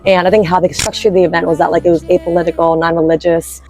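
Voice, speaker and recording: Young woman, student, lowish pitch, earnest, full of fillers, faint music behind. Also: level tone, fast talker, a little mellow. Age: young adult. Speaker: student interviewee. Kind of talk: casual interview talk.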